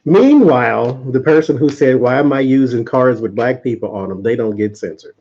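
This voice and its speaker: A man's voice: mid-range voice, animated, normal speed, creaky, a little mellow, muffled recording, a little hiss or hum. A man hosting a casual live-stream tarot reading, chatting with viewers and laughing often. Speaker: tarot reader and channel host.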